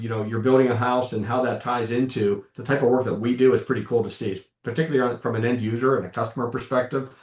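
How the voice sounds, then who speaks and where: A man's voice: medium pitch, darkish tone. A man who is a guest executive, talking casually and amiably in an interview. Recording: echoey room sound.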